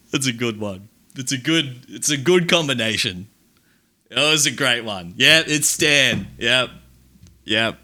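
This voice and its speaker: A man's voice: medium pitch, sing-song, slow, sharp tone. A man hosting a live stream, reading out chat quotes and reacting with dry asides and laughter. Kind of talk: casual live-stream commentary.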